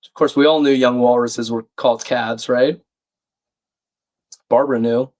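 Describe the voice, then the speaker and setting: Man, croaky, under the weather, chatty stream host reading out chat, mid-pitched. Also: fairly even intonation, a little slow, a little mellow. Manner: chatty, reads chat aloud, self-deprecating. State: croaky, a bit sick. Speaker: livestream crossword host. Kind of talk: casual live-stream chat.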